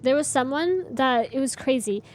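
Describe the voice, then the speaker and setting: A woman's voice: sits high, expressive, moderate pace, faint music behind. A young Canadian woman with a Canadian accent, chatting casually and laughing often while streaming a game and answering chat.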